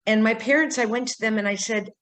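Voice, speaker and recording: An older woman from San Diego, a psychic medium telling her life story in an interview, animated and acting out the voices she quotes. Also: on the high side, quick pace. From San Diego, California.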